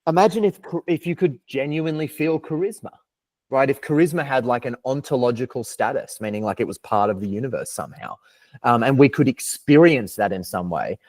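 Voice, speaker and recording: A young Australian man talks through abstract ideas as a podcast guest. He hedges, restarts and circles his points, and his voice sits at an ordinary middle pitch. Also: animated, a little fast, a little mellow. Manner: thoughtful, hedging, philosophical, many restarts. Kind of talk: casual interview chat.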